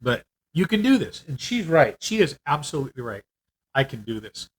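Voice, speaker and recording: An older man giving a casual, candid video update on his treatment. He rambles a little, fills pauses often, and sounds worn out. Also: a little high, sing-song, breathy edge. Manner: candid, rambling, with frequent fillers. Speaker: vlogger. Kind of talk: casual personal health update.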